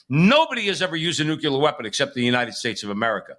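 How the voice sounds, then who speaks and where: A middle-aged man with a bright, forward voice co-hosts a live political talk show. He rambles emphatically, often restarting his sentences as he pushes his point. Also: fairly high pitch, very animated, racing, few pauses. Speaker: co-host.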